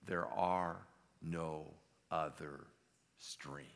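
A man with a deep voice voicing a huge, solemn male lion who speaks slowly and quietly in a storybook telling. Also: flat delivery, gravelly. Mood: grave. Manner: slow, quiet and grave. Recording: long hall reverb.

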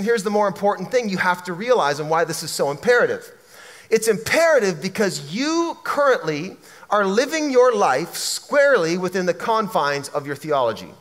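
High-voiced man preaching in a hall. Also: a bit bright. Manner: earnest, emphatic, repeats words when pressing a point. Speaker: pastor. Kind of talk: sermon. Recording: long reverb of a large hall.

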